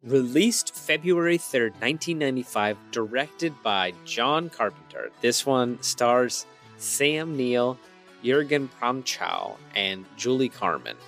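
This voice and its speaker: An upbeat man hosts a casual podcast chat, cracking jokes as he presents. His voice sits at an ordinary middle pitch. Music plays clearly beneath him. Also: animated, slow, fairly bright tone. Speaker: podcast host.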